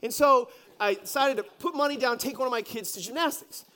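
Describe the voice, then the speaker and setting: A man pastor preaching a sermon as an animated, joking storyteller. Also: very high voice, a little fast. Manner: animated, joking storyteller who acts out scenes.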